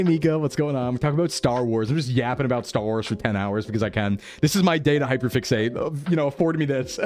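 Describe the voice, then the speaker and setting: A man's voice: mid-range voice, a little mellow. A man live-streaming in casual chat, answering his chat as he rambles enthusiastically, full of fillers and laughs. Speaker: VTuber streamer.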